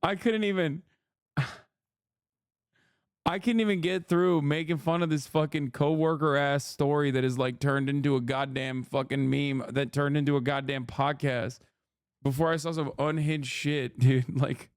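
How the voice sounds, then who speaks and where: A man's voice: fairly high pitch, steady tone, unhurried, clean tone, dry recording, studio quality. A man giving casual livestream commentary, ranting in disbelief with plenty of swearing and laughter. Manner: profane, incredulous ranting with frequent laughs.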